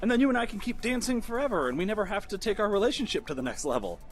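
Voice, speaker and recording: A man's voice: sits high, very animated, rapid-fire, soft background music, voice pushed up. A man voicing a young prince who is stubborn and baffled about why his partner is unhappy. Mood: pleading. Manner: baffled, insistent.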